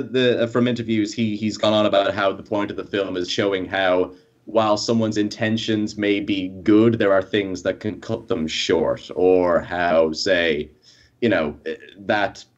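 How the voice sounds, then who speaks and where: An Irish man with a very deep, low voice, a podcast guest in casual chat. He talks earnestly and at length about a favourite film. The sound is muffled and lo-fi, like a remote call. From Ireland. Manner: earnest, long-winded film opinions.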